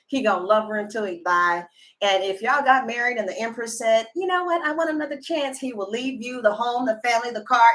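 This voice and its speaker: Lively, high-voiced woman chatting animatedly. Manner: animated, chatty, frequent fillers, swings to loud high-pitched exclamations. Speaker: tarot reader. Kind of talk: casual storytelling chat to live viewers.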